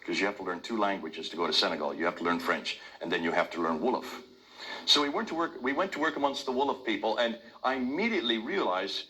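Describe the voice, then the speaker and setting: An older man with an American accent, lecturing an audience with emphatic, forceful delivery. His voice sits a little low, but its tone is sharp and intensely bright. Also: lively intonation, fast, poor audio. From India. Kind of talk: public talk to an audience.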